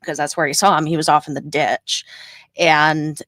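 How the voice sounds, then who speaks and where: A woman co-hosting a podcast, retelling a story in a rambling, animated way with fillers. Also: low-pitched, moderate pace, dry recording, clean studio sound. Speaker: podcast co-host. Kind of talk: casual storytelling chat.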